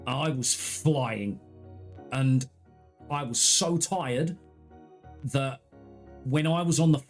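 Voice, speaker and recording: A man with a mid-pitched voice talks casually to his live-stream audience. He is candid and earnest, rambling through personal stories with restarts and asides. Faint music plays behind him. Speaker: gaming streamer.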